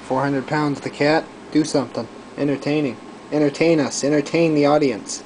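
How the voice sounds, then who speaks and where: A man filming his pet cat at home, coaxing and teasing it, shifting between loud urging and soft baby-talk whispers. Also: fairly high pitch, fairly even intonation, moderate pace, a little hiss or hum, low-quality recording.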